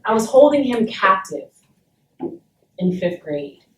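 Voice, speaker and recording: A woman's voice: mid-range voice, very animated, slow pace. A woman from Saint Thomas in the Virgin Islands, speaking to a university class and telling a personal story in a blunt, emphatic way, with frequent swearing. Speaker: guest speaker. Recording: roomy and distant, faint background noise.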